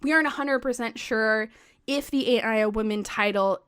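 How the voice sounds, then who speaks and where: A woman co-hosting a podcast, telling a history story in animated, chatty talk full of "like" and the odd swear word. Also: fairly high pitch, moderate pace, smooth, no room sound, clean studio sound. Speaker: podcast co-host. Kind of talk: casual chat, storytelling.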